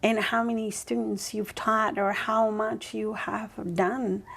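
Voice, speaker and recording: A woman's voice: mid-range voice, level tone, takes it slowly, gravelly, a bit bright. A woman guest on a podcast telling a personal story in a reflective, rambling way, often checking in with "right?". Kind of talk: casual interview storytelling.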